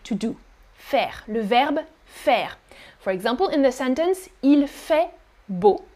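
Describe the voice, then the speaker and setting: A French woman with a French accent, teaching French pronunciation in a live stream and patiently repeating her examples. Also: high-pitched. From France. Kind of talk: live-streamed language lesson.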